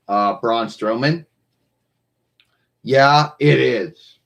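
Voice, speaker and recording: A man talks through a live stream in an unhurried, drawn-out way, his pitch sitting in an ordinary middle range. He rambles, loops back and repeats himself as he answers viewers. It is a casual home-streamer sound, picked up by a computer mic.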